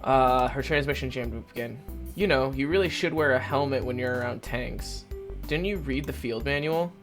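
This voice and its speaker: A man reading the lines of a calm young woman nurse in a game, gently scolding and matter-of-fact. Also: mid-range voice, moderate pace, soft background music, natural voice.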